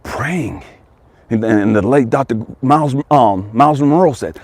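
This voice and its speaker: A life coach delivers a fiery motivational monologue, swearing, emphatic, repeating his phrases, and dropping from loud to hushed. His pitch is medium, his pace a little slow, and there's no room sound.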